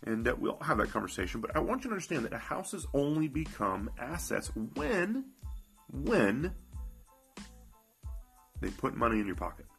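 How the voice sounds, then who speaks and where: A man with a gravelly, creaky edge to his voice gives an emphatic finance talk and speaks straight to the listener. He drives each point home by repeating it, and his pitch sits in a middling range. Soft music plays faintly underneath. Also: big pitch swings, moderate pace, pauses often. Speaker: financial educator. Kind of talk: motivational finance talk to viewers.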